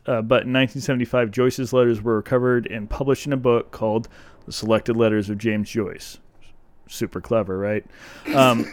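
Guy on a podcast reading letters all hammy, smooth resonant voice, dry close mic. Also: mid-range voice, dry recording. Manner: reads with mock-romantic delivery, laughs often. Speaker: podcast co-host. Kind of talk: casual chat, reading letters aloud.

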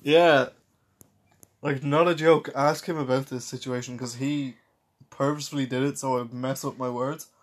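A man's voice: medium pitch, steady tone, normal speed. A man, co-hosting a casual chat with wry, teasing humor. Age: 20s. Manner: wry, teasing, laughs at own stories. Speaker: podcast co-host.

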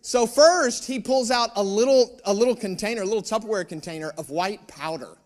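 High-voiced man telling a lively sermon story. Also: fairly quick. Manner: animated, self-mocking storytelling with asides to the room. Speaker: pastor.

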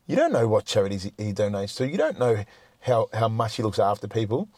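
A man's voice: on the low side, sing-song, brisk, darkish tone, no room sound. A middle-aged man chatting as a podcast guest, blunt and freely swearing, often repeating words as he starts a point. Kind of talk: casual chat.

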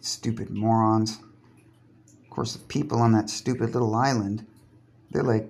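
A man's voice: on the low side, fairly even intonation, unhurried, vocal fry, darkish tone. A man delivering a profane, sarcastic solo podcast monologue while lying in a bathtub. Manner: profane, sarcastic, provocative, breaks off and restarts words.

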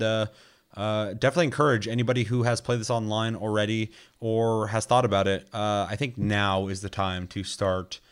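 Low-voiced man rambling casually, swearing freely. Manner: loose and rambling, swears freely, heavy filler words. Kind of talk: casual chat about a video game.

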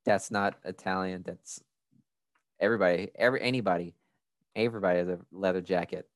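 A man's voice: deep voice, steady tone, a little fast, no echo, clean studio sound. A young man co-hosting a casual movie podcast, blunt and profane, rambling through opinions. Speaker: podcast co-host.

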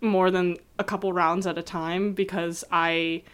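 A woman in casual conversation, chatty and animated, her pitch jumping up when she gets excited. She tells stories with lots of fillers and laughs easily. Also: unhurried, smooth. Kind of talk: casual chat.

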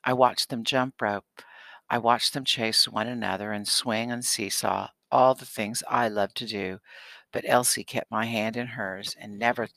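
Low, bright-voiced man narrating. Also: steady tone, a little slow, gravelly, no echo. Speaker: audiobook narrator. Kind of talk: scripted audiobook narration.

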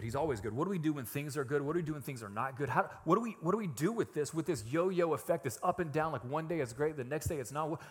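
A man preaching a sermon in a casual, emphatic way, swinging from hushed reflection to loud, raised passages. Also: on the high side, husky, in a large hall. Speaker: pastor.

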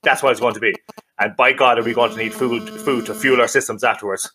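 A boisterous Irish man talking in loose, rowdy banter as a podcast co-host. His voice is bright and forceful, and he swears and laughs freely. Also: mid-range voice, steady tone, fast. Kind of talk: casual banter.

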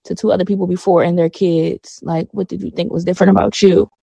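A woman's voice: fairly low pitch, flat delivery, fast, creaky, mellow, breathy edge, no room sound. Blunt young woman, dry close sound. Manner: blunt, incredulous, swears. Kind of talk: casual chat.

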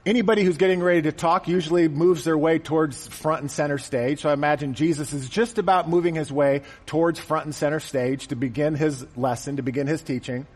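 A man's voice: a little high, steady tone, fairly quick, hardly any pauses, in a large hall. A man preaching a conversational, joking sermon to a congregation in a church. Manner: conversational and joking, acts out quotes. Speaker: pastor. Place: church auditorium.

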